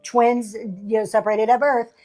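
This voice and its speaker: A middle-aged woman chats through a livestream sale in a talkative, sassy way, often laughing at herself. Her voice sits a touch high, and faint music plays behind her. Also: little pitch movement, normal speed, warm tone. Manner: chatty, sassy, laughing asides. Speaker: livestream seller host. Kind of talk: casual chat.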